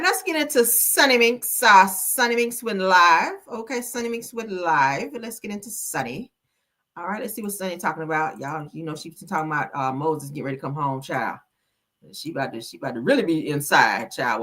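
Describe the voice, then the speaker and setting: Sassy and talkative, a woman runs a livestream of casual gossip commentary, addressing her viewers as "honey" and "child." Her voice sits mid-range with a bright, pushed quality.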